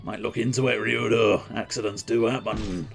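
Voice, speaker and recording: A stubborn old innkeeper with a thick, over-the-top Scottish brogue, as a man reading a game's text puts him on. The voice is gravelly and gruff. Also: on the low side, steady tone, moderate pace, over music. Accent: put-on Scottish. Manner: exaggerated, rolling brogue.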